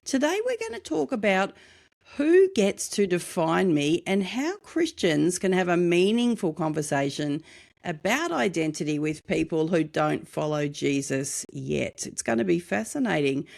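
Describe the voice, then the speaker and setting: A woman's voice: on the low side, sing-song, a little slow, creaky, a little mellow. A woman hosting a podcast interview, opening with a scripted welcome and asking her guest questions in an upbeat, welcoming way. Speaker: podcast host.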